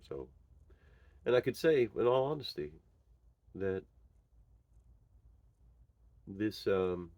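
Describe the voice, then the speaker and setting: A middle-aged man telling a personal story as a father, halting and earnest, with many pauses and fillers. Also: deep voice, darkish tone, no room sound. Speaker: father sharing his story. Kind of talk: personal monologue.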